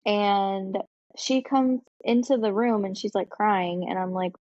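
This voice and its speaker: A woman's voice: medium pitch, unhurried, a little mellow, no room sound. Woman, podcast co-host, casual chat, filler-heavy storytelling, dry, slightly muffled sound. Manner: chatty storytelling with frequent fillers and laughs.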